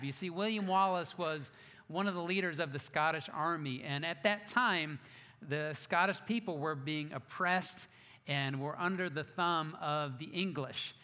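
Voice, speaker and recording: A man preaching a sermon as pastor, telling stories in an animated way with self-mocking asides. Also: on the high side, long reverb tail.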